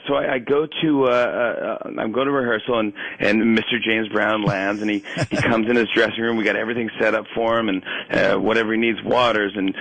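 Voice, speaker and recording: Animated laughing storyteller man. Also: lowish voice, a little fast, gravelly, few pauses, no room sound, low-quality recording. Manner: animated storyteller, laughs often, many restarts. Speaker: talk show host as guest. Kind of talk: casual radio interview.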